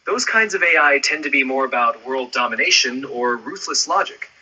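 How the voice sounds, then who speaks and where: This male AI assistant voice answers in polished, agreeable phrasing. His timbre is very bright and edged with a slight huskiness. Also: mid-range voice, lively intonation, normal speed, breathy edge, low-quality recording. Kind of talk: conversational assistant replies.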